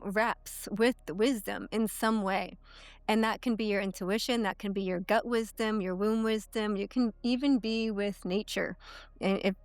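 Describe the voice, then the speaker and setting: A woman's voice: mid-range voice, smooth, dry recording. A woman in her thirties, a coach and podcast guest, explaining ideas in a teaching way and often checking in with "okay?" and "right?". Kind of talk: explanatory interview talk.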